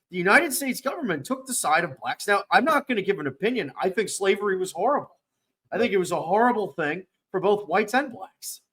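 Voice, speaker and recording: A man's voice: sits high, sharp tone, husky. A man co-hosting a podcast in casual discussion, speaking emphatically and repeating his points for stress. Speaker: podcast co-host.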